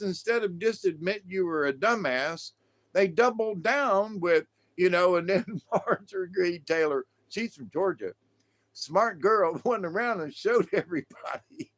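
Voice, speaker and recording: A man with a high voice drawls through a long monologue at an unhurried pace. He is stoned, keeps breaking into laughter, and repeats his insults with heavy, drawn-out emphasis. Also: expressive, a bit bright. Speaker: vlogger. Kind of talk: rambling monologue to viewers.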